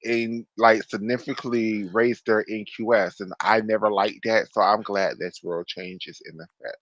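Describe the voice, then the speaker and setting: Blunt man with a dull, low voice. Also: level tone, normal speed, a bit bright, no room sound. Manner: blunt, opinionated, swears casually. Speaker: podcast co-host. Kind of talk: casual chat.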